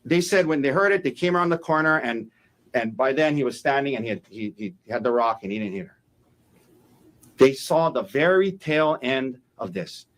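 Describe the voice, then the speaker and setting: A man's voice: mid-range voice, expressive, moderate pace, fairly bright tone. A man, a defense attorney, giving a courtroom opening statement, emphatic and repeating key phrases for effect.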